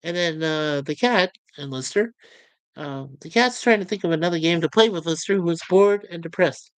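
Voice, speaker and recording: A woman reviewing a show in a casual, halting way, setting up quotes with fillers. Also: fairly low pitch, dry recording, poor audio. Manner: loose, halting narration with fillers.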